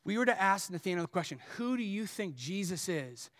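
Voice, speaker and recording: A man preaching a sermon, animated, swinging between loud emphatic lines and soft low ones. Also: fairly quick. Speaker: pastor. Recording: long hall reverb.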